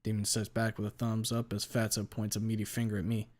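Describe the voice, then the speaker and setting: A man reading a first-person story aloud with a blunt, deadpan delivery and casual swearing. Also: fairly low pitch, fast. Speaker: story reader.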